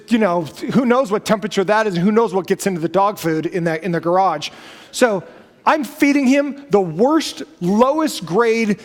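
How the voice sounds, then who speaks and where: High-voiced pastor in a reverberant church. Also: male voice. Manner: conversational storytelling with self-corrections and asides. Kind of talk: sermon. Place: church sanctuary. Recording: long reverb of a church hall.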